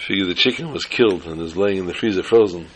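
A man teaching an informal Torah class, telling jokes and stories with lively jumps in pitch for emphasis. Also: quick pace. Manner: animated storyteller who jumps to high pitch for emphasis.

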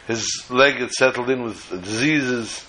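Guy telling a story in a sermon, acts out the voices, lively. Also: mid-range voice, a little slow, rough recording. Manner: animated storyteller acting out dialogue.

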